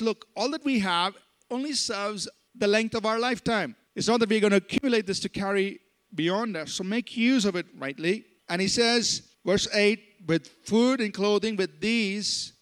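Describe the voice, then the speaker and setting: A man with a high voice preaches to a congregation. He speaks with emphasis and drags out the scripture quotes slowly. He keeps checking that his listeners are following along. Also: a bit bright. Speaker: pastor. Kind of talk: sermon.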